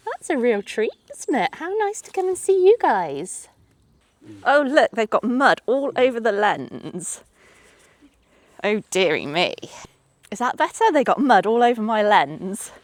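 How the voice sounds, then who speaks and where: Her mid-range voice swings widely in pitch as she takes things slowly and pauses often, with no echo in the recording. She's a woman vlogging from her bike in a forest, chatting casually and cooing at the animals she meets.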